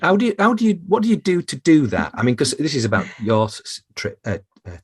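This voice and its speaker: A man hosting a podcast interview, asking questions in a halting way with many restarts. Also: a little high, huge pitch swings, husky. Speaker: podcast host. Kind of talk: conversational interview.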